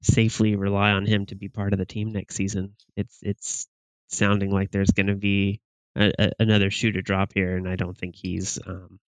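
Man, low even voice, halting football chat, dry sound. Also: clear, resonant tone, dry recording. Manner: halting, restarts often, flat delivery. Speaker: podcast co-host. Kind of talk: casual sports chat.

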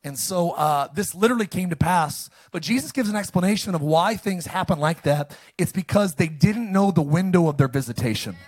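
A man preaching a sermon as pastor, reading scripture and calling the congregation to repeat after him, with sudden loud, animated bursts. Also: sits high, brisk, few pauses. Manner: call-and-response, animated with sudden loud lines.

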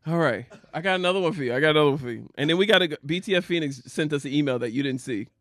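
A man's voice: a little high, racing, no echo, studio quality. A man co-hosting a casual chat show, teasing his partner and laughing often. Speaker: podcast co-host.

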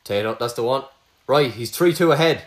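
Teasing Irish quizmaster, mid-pitched voice. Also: male voice, lively intonation, a little fast. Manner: teasing, swears freely. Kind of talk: casual chat.

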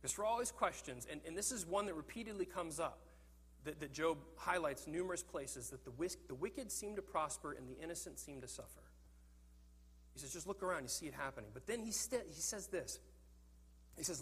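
Preacher, male, slightly high, husky voice, earnest and animated, big reverberant hall. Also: fairly quick. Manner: earnest, animated, repeats words when thinking. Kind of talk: sermon.

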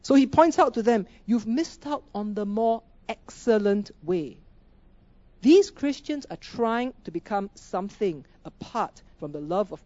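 A woman's voice: on the high side, mellow, no room sound, highs cut off. A woman preaching a sermon, emphatic, asking rhetorical questions and repeating key phrases.

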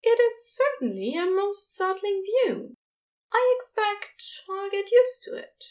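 A woman's voice: very high-pitched, animated, slow pace, distant mic, voice pushed up, full character voice. A woman voicing an anxious, fussy male angel who speaks in a prim, old-fashioned way. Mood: fretful.

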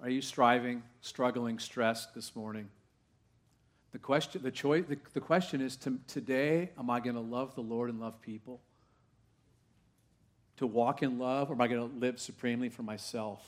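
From the pulpit of a church sanctuary, a male pastor preaches to a live congregation, talking with them rather than at them at a moderate pace. His voice sits at an ordinary middle pitch as he fires off question after question, drops to a hush, then climbs to loud, excited peaks.

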